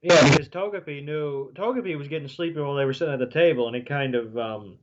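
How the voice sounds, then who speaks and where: A man with a fairly high voice recaps an episode on a podcast, rambling and loose, his sentences full of ums and you-knows. The sound is dull and lo-fi. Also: fast talker, very noisy. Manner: rambling, many fillers like um and you know. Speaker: podcast co-host. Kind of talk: casual recap chat.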